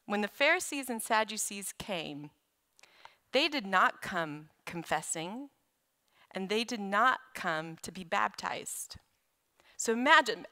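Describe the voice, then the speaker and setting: Bright-voiced woman preaching conversationally. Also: medium pitch. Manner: conversational, animated preaching with casual asides. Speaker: guest speaker. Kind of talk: sermon. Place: church sanctuary.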